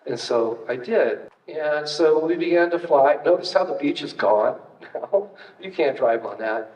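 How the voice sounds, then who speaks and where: An older man gives a relaxed, anecdotal lecture, chatting through his slides with fillers and dry asides. He sits at a distance from the mic in a large, reverberant room. The recording sounds dull and muffled. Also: fairly high pitch, unhurried. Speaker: retired state parks archaeologist giving a talk. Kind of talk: casual public lecture with slides.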